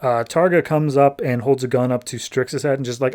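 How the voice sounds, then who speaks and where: A man in a mid-range voice retelling a comic book plot casually. His delivery is breezy, with frequent "like"s and quick restarts. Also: mid-range voice, darkish tone. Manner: breezy, filler-laden retelling. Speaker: podcast host.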